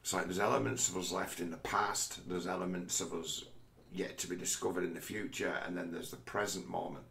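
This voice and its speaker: Low gravelly male vlogger, a rambling and profane talker who philosophizes on camera. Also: steady tone, fairly quick, bright, forceful tone. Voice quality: heavy swearing, restless restarts.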